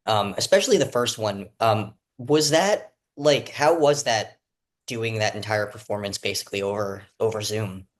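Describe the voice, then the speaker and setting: A man hosting an interview, asking questions in a halting way with many fillers. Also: on the low side. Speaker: interviewer host.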